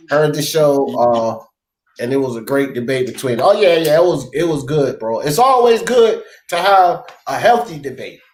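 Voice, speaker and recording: A man's voice: high-pitched, reverberant. A man hosting a casual live sports talk show, slangy and emphatic, laughing often. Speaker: show host.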